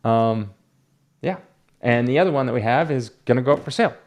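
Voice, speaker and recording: A man's voice: mid-range voice, lively intonation, brisk. A man running a comic book shop, chatting casually and rambling as he talks himself through each graded book. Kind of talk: casual unboxing chat.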